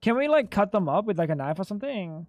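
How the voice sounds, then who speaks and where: High-voiced man streaming a game. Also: sing-song, fast, no echo, soft background music. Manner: chatty, swears a lot, keeps saying "dude". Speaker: gaming streamer. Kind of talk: casual live-stream game commentary.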